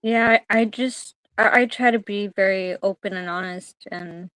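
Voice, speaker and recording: A woman in her thirties or forties, a guest on a livestream, chatting in a hesitant, soft-spoken way and giggling easily. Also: mid-range voice, normal speed, clean tone, dry recording. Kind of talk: casual livestream chat.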